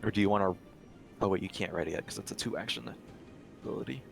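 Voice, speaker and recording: A man running a tabletop game as game master, upbeat and quick to laugh. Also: lowish voice, creaky, soft background music.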